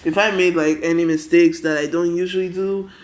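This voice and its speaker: A man's voice: fairly high pitch, steady tone, fairly quick. A tired young man casually narrating a fan story, rambling with constant 'and then' and 'he's like'.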